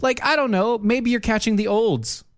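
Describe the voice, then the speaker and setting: A man's voice: very high voice, moderate pace, dry recording, studio quality. A man co-hosting a podcast, joking and laughing through casual banter, then reading a sponsor spot. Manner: jokey, laughs a lot, teasing. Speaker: podcast co-host.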